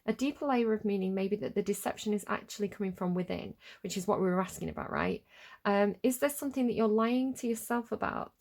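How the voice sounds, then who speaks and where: A woman's voice: mid-range voice, fast talker, darkish tone. A woman giving a casual tarot reading, giggly, playful and rambling. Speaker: tarot reader.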